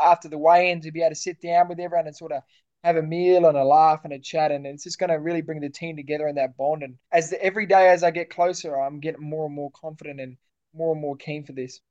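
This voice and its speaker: A man's voice: fairly high pitch, dull audio. An Australian man, a boxer, talking casually and confidently in an interview, calling his host mate. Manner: relaxed, matey, confident.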